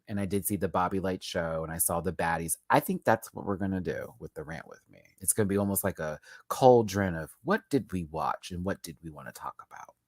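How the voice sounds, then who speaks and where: A young man chats through a live-stream review, sassy and full of camp slang, while doing his makeup. His pitch swoops all over as he talks. The sound is close and dry, with no room around it. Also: a little mellow, no echo. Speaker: reality TV reviewer. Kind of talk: casual live-stream chat.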